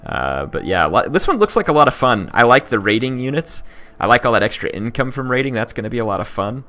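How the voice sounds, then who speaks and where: A man's voice: mid-range voice, sing-song, fast talker, sharp tone. A young man giving casual let's-play commentary on a strategy game, thinking aloud with many fillers and restarts. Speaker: gaming channel host.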